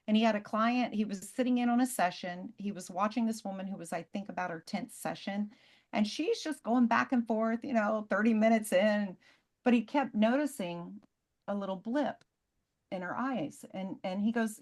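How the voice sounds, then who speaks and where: A woman presenter on a video call, telling casual, lively stories in quick bursts. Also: mid-range voice. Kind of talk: animated storytelling on a video call.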